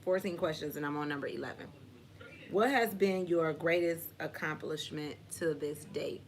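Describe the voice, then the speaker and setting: Low-voiced woman chatting candidly. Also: normal speed. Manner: candid and chatty, with frequent "like" and slang. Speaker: host of a live Q&A. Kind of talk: casual live Q&A chat.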